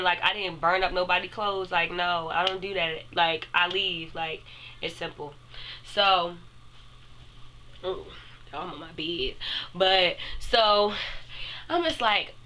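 Bright-voiced young woman telling a story. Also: lowish voice, poor audio. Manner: chatty, talks straight to viewers with "y'all". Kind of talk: casual storytime.

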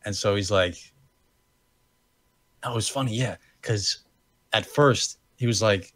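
This podcast co-host, a young man from the United States, has a lowish, slightly bright voice and speaks at a measured pace with long pauses. The recording is dry. His storytelling meanders and self-corrects, and he keeps laughing at himself.

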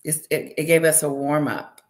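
A woman hosting a casual livestream, warmly greeting viewers by name, bubbly and chatty. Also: low voice, fairly even intonation, moderate pace. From Wisconsin. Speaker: livestream host. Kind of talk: casual live chat with viewers.

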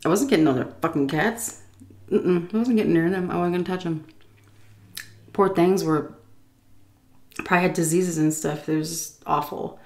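A woman casually telling a story while eating, animated and swearing freely. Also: lowish voice, normal speed, long pauses. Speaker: vlogger.

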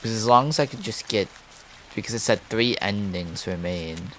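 Low-voiced man reacting to a horror game. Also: moderate pace, a bit bright, a little hiss or hum. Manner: jumpy, swears and reacts aloud. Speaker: gaming streamer.

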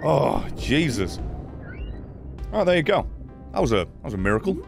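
A man giving profane, excitable let's play commentary, often yelling at the game. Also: on the high side, very fast, over music. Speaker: gaming channel host.

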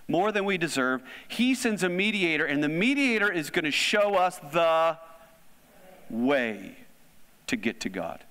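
A man's voice: fairly high pitch, a bit bright, big-room sound. A man preaching a conversational sermon as a pastor, often asking the congregation questions. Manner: conversational, asks the audience questions. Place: church hall.

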